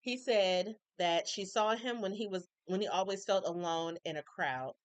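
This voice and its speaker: A woman recapping a TV episode in casual chat, opinionated and animated, acting out characters' lines with colloquial asides. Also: mid-range voice, moderate pace, smooth, no room sound. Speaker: recap reviewer.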